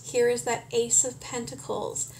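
A woman talks through a tarot reading with a slightly high voice. She is very slow and calm and keeps checking in with "okay?". A faint hum of noise sits behind her. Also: vocal fry. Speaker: tarot reader.

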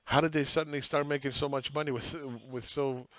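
A man's voice: medium pitch, flat delivery, brisk, fairly bright tone, no echo, muffled recording. A man hosting a casual monologue on the economy, talking bluntly with profanity and rhetorical questions. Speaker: market analyst host.

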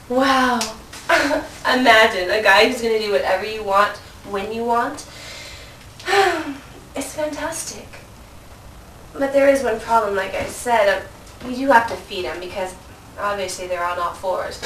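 Woman, comedic sales pitch, playful; roomy distant recording with faint hiss. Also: a little slow, fairly bright tone. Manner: playful, mock-sales patter, laughing. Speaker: comedic infomercial presenter.

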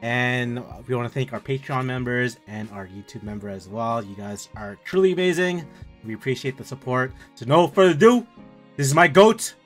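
A man hosting a music reaction video, talking in an excited, slangy way and calling people "dude" and "bro". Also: medium pitch, moderate pace. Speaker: reaction channel host.

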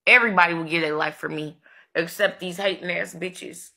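A woman's voice: fairly low pitch, steady tone, a little fast, vocal fry, sharp tone. Brash, swearing woman live streamer. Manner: brash, profane, taunting, bossing her moderators around. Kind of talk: unscripted live stream rant to viewers.

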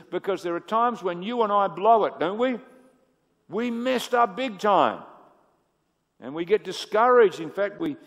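A man preaching a sermon. He swings from booming emphasis to hushed asides and asks the audience questions. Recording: echoey hall with long reverb.

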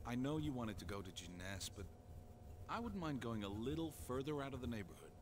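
A man's voice: medium pitch, very animated, a little fast, lightly acted. An actor playing a hesitant, reluctant middle-aged male detective uncle in a video game, recorded over noticeable background noise. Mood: grudging. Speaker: game character.

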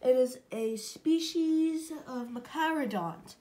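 A woman's voice: sits high, slow pace, dark tone. A woman narrating playful toy play, describing the scene.

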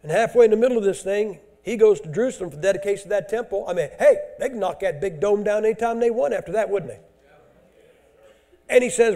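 A man's voice: high-pitched, expressive, fast talker, warm tone. A man preaching a sermon in a church, blunt, emphatic and folksy.

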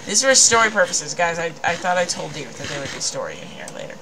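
A woman's voice: lowish voice, big pitch swings, fast talker, a crowd in the background, poor audio. A woman chatting casually while playing a game, giggly and rambling, often laughing at herself. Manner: giggly, rambling, self-deprecating. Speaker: gamer. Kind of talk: casual gameplay chat.

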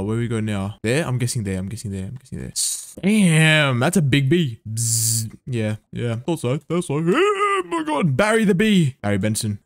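A man giving live gameplay commentary, excitable and swearing under his breath, with sudden gasps and outbursts. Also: medium pitch. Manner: mutters to himself, swears when frustrated. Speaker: gaming video creator.

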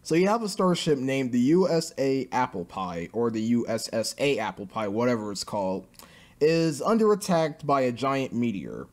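A man's voice: medium pitch, sing-song, moderate pace, a little mellow. A man giving sarcastic review commentary on a cartoon, ranting in an exasperated, mocking way.

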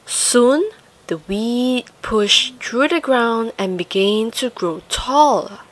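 A woman reading a children's picture book aloud, slow, sing-song and expressive. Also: fairly high pitch. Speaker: storyteller.

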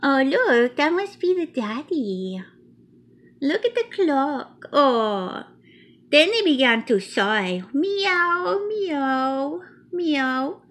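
A woman's voice: sits high, sing-song, extremely slow, a bit bright, exaggerated voice. A woman voicing a cute, chatty little male mouse who reads a picture book aloud in a childlike, playful way with broken grammar. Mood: cheerful. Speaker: storybook reader.

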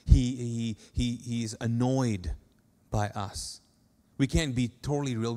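A man's voice: mid-range voice, mellow. A male pastor preaching a sermon in a church sanctuary, conversational and joking, with acted-out quotes. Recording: long reverb of a large hall.

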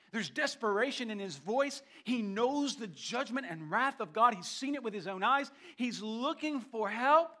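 A male pastor with a high, bright voice preaches in a church sanctuary. He hammers key phrases, stumbles and repeats words as he builds, then falls to slow, hushed lines. The tone is forceful and ringing. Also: animated. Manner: emphatic preaching with frequent repetitions and restarts; swings between loud emphasis and hushed, slowed phrases. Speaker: senior pastor. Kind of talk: sermon.

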